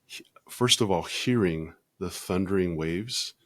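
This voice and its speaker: A man with a very low voice speaks as a podcast guest, earnest and measured, often pausing to gather his thoughts. The sound is close and dry, with no room echo. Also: fairly bright tone. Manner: measured and earnest, with frequent pauses and fillers. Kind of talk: reflective interview conversation.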